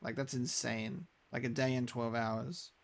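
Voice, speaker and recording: A man's voice: mid-range voice, flat delivery, a little slow. A young man chatting casually while live-streaming a game, rambling with many restarts.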